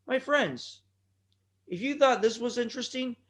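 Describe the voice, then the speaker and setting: A man hosting his own podcast, rambling off on tangents with sudden loud outbursts, his throat bothering him today. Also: extremely high pitch, measured pace. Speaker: podcast host. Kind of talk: rambling solo podcast talk.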